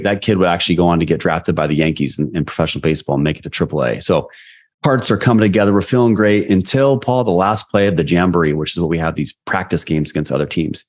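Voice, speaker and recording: Deep-voiced man telling a lively story. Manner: animated storyteller who acts out quoted voices. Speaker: guest, sales leader and coach. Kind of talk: storytelling in a podcast interview.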